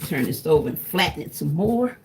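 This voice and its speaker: A woman's voice: low-pitched, sing-song, fairly quick, darkish tone, slight background noise. A woman, chatting casually to her viewers while she cooks, calling them "y'all". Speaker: cooking vlogger. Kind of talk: casual cooking vlog chat.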